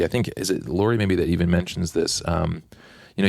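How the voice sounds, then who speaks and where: A man's voice: low voice, fairly quick, vocal fry, no room sound, clean studio sound. A man co-hosting a comics podcast, retelling scenes casually and acting out the quotes. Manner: animated retelling, acts out quotes. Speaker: podcast co-host. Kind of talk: casual chat.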